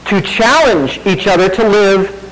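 A man's voice: sits high, expressive, a little slow, fairly bright tone, low-quality recording. A middle-aged male pastor preaching a sermon in a conversational way, asking the congregation rhetorical questions and laughing at himself now and then.

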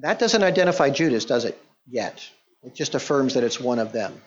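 A man's voice: medium pitch, lively intonation, brisk. Guy teaching a bible passage, talks it through casually, kinda dull muffled sound. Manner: conversational, explanatory, with restarts and quoted voices. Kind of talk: sermon, verse-by-verse Bible teaching.

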